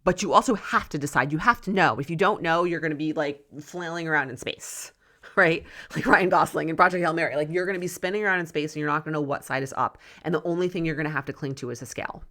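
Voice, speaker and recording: A woman in middle age hosts a solo coaching podcast, her voice sitting low. She talks earnestly and loosely, circling back on her points and checking in with her listeners with a frequent "right?". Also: fast talker, pushed and bright. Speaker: podcast host and weight loss coach. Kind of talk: casual solo podcast monologue.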